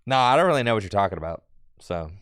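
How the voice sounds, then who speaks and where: Smooth-voiced man streamer chatting. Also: lowish voice, very animated, rapid-fire, a bit bright, dry recording, studio quality. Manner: chatty, talks back to viewers in chat. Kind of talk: casual live-stream chat while playing a card game.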